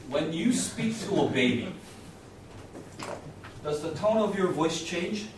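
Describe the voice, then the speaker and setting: A man in his thirties teaching a communication class, lively and often asking the students questions. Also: on the high side, takes it slowly, background noise. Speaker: communication skills instructor. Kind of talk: lecture to a class. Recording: echoey classroom from a distance.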